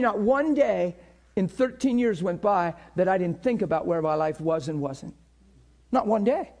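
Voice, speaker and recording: Middle-aged male pastor, unusually high voice, fervent sermon delivery with big dynamic swings. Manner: impassioned preaching that swings between hushed and shouted.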